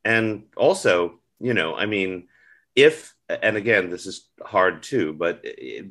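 A man with a very low voice, talking through ideas in a relaxed literary chat. He often restarts his sentences and adds asides as he works out what he thinks. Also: slow pace. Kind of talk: casual literary discussion.

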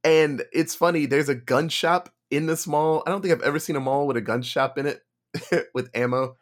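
A man's voice: a little high, normal speed. A man casually retelling a movie plot on a podcast, acting out bits of dialogue and laughing as he goes. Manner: animated retelling with acted-out quotes and laughter. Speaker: podcast co-host. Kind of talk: casual movie review chat.

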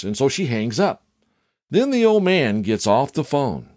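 A man's voice: medium pitch, very animated, a little slow, darkish tone, dry recording, clean studio sound. A middle-aged man hosting a casual podcast, telling stories in a rambling, chatty way with asides to the listener. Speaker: podcast host.

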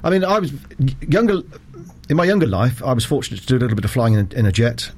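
An older man, a retired officer and cricket umpire, giving measured, polite answers with soft chuckles. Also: mid-range voice, sing-song, slight background noise. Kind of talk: casual interview answers.

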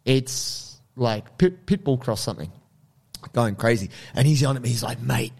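A man's voice: mid-range voice, normal speed, gravelly. A young man with an Australian accent, telling a story in casual, rambling chat. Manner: animated, rambling, many fillers.

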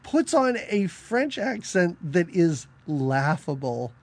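A man's voice: high voice, big pitch swings, slow. A man co-hosting a podcast, chatting casually about a film, laughing often and jumping between topics. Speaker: podcast co-host. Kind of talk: casual film review chat.

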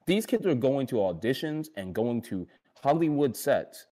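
A man's voice: medium pitch, sing-song, moderate pace, mellow. A young man co-hosting a casual panel chat, rambling with many fillers and restarts, slipping into giggles. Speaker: podcast co-host.

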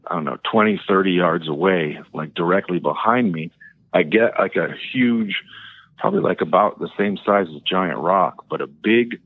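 A man with a deep, low voice calls in to a talk show and tells his story haltingly, stopping and restarting with plenty of fillers. His voice comes through a narrow, tinny phone line with a dry sound and no room around it. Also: dry recording. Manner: hesitant, rambling with many fillers and restarts. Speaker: caller. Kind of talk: telling a personal story on a call-in show.

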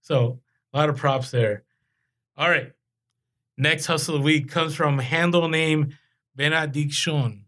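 A man with a fairly high-pitched voice co-hosts a podcast in easygoing chat. He gets animated and his voice jumps up when something excites him. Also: measured pace, long pauses. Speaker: podcast co-host. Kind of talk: casual chat.

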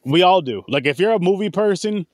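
Loose, swearing podcast host, dry sound. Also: male voice, sits high, fairly quick, dry recording. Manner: animated, swears freely, rambling asides. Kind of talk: casual chat.

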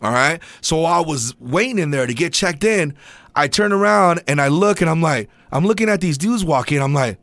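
A middle-aged man chatting casually, telling an excited, animated story. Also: a little high, a little fast, no room sound. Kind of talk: casual chat.

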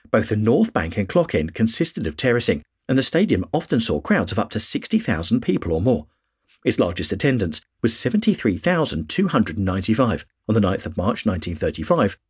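Male podcast host, scripted history narration, raspy voice, animated intonation. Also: lowish voice.

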